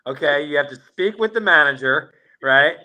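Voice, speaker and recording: A man co-hosting a sports podcast, with a sharp, very bright tone and a slightly high pitch. He mostly chimes in with short agreements and quick jokes in casual chat. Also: lively intonation, poor audio. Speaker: podcast co-host.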